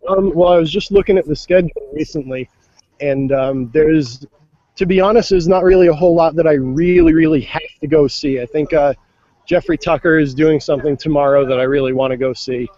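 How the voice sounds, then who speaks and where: A man's voice: fairly high pitch, brisk, dark tone, dry recording, muffled recording. A man giving a casual, chatty report from outdoors at a festival, with plenty of fillers. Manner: easygoing, chatty, many fillers. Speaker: on-site reporter calling into a live show. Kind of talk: casual live walk-around report.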